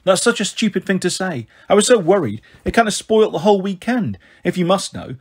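Man doing a prickly teen sister, sharp and husky. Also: high voice, big pitch swings, brisk, heavily acted. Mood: defiant. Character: defensive teenage girl, older sister.

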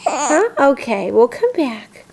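High slow mom voice, sing-song baby talk, home camcorder video. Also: female voice, very animated, a little mellow, a little hiss or hum. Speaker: mother. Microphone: handheld camcorder.

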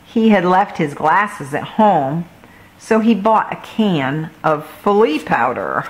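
A woman reading a children's picture book aloud, slow and expressive. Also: lowish voice, rough recording. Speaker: children's story reader. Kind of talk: storybook read-aloud.

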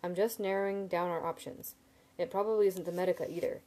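A woman's voice: lowish voice, steady tone, fast, darkish tone, lightly acted. A woman reading as a blunt, practical young man. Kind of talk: reading a novel aloud.

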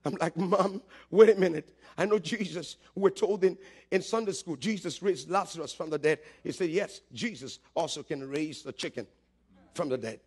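A man preaching a sermon with great passion, telling a story, calling out to the congregation and rising to shouts. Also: fairly high pitch, normal speed, slightly rough. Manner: impassioned, building to shouts, calls for audience response. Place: church service, streamed live.

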